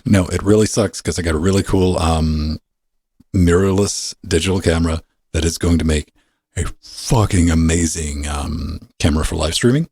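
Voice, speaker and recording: A man's voice: sits low, normal speed, darkish tone, husky, dry recording. A man hosting a podcast in casual, profane, wisecracking chat on a studio microphone. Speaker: podcast host.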